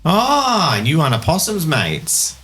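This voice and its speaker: A man's voice: on the high side, wildly swooping pitch, a little slow, a bit bright, voice pushed up, heavily acted. A man voicing a friendly, chatty woman bartender. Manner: chatty, cheerful banter.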